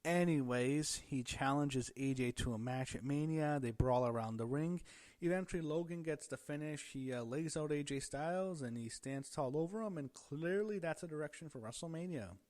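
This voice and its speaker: A man's voice: fairly high pitch, moderate pace, darkish tone. A man giving a casual, rambling recap of a wrestling show, thinking aloud with fillers and restarts.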